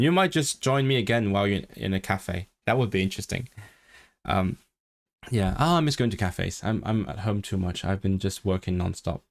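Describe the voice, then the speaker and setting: A man's voice: fairly low pitch, expressive, normal speed, creaky. Chatty man studying a language on stream. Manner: chatty and self-interrupting, with frequent restarts. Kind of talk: casual study livestream, reading aloud and musing.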